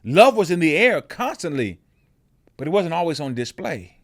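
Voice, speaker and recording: A man's voice: fairly high pitch, sing-song, normal speed, fairly bright tone, dry recording. Heavy-voiced man musing, dry close sound. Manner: conversational, often ends thoughts with "right?"; frequent restarts and repeated words. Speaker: podcast host. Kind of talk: reflective personal monologue.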